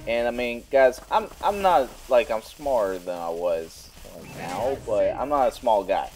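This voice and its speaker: A man's voice: mid-range voice, lively intonation, measured pace, darkish tone. A young man vlogging, telling a funny personal story in a rambling, casual way with lots of fillers. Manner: rambling, filler-heavy, laughs while telling stories.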